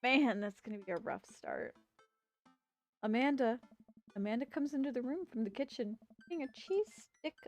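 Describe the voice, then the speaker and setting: Chatty woman streamer, fairly high voice. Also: normal speed, pauses often, faint music behind. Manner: chatty, animated, talks to her pets. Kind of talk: casual gameplay chat and reading aloud.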